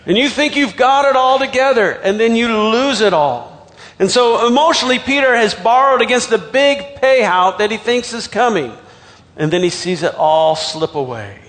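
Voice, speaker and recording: A male pastor with a fairly high voice delivers a sermon, retelling the story with dramatic swings between loud outbursts and soft, hushed lines. His voice rings out with a long reverb, as in a large church hall. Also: lively intonation, normal speed.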